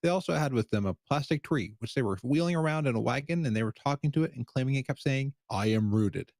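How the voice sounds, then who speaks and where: A man's voice: mid-range voice, fast talker, dry recording. Casting: a man reading a scripted comedic news bit, dry close mic sound. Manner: deadpan reading of mock news. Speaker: segment host.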